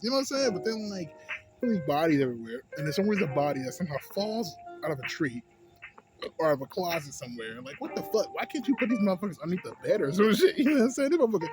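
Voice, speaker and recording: A man's voice: high voice, fast talker, music in the background. A man vlogging a casual movie review, rambling and cursing heavily. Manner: profane, rambling, animated.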